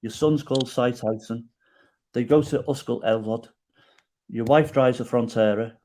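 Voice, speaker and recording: Calm, quiet, menacing debt collector on the phone, quoted by a man in his own voice; flat, matter-of-fact threats, medium pitch. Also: moderate pace, slight background noise, close to an everyday voice. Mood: coldly calm.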